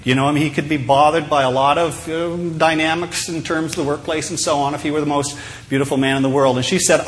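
A man's voice: on the high side, steady tone, fast talker. A male pastor giving a sermon in a conversational, humorous storytelling way.

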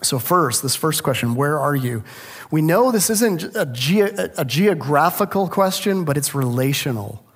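A middle-aged man preaching a sermon, telling a family story with lively rhetorical questions. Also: a little high, measured pace, husky. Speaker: pastor.

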